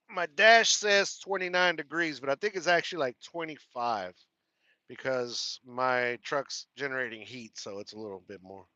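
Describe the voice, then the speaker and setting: A man's voice: on the high side, a bit bright, dry recording, dull audio. A man with a Texas country twang hosting a casual live stream from his truck cab, reading viewer comments, laughing often and repeating his thanks. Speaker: trucker livestream host.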